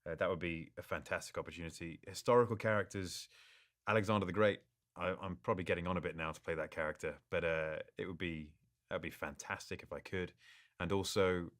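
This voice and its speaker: Male actor, very low voice, easygoing live fan Q&A, reads questions out, restarts his thoughts. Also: brisk. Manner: reads questions aloud, relaxed and good-humored. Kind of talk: live social-media Q&A.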